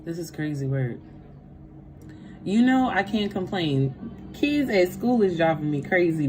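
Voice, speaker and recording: A woman hosting a tarot livestream, animated and laughing with viewers, dropping to a soft voice to pray. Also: fairly low pitch, unhurried, pauses often, noisy background. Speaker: tarot reader and livestream host. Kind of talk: livestream chat with prayer.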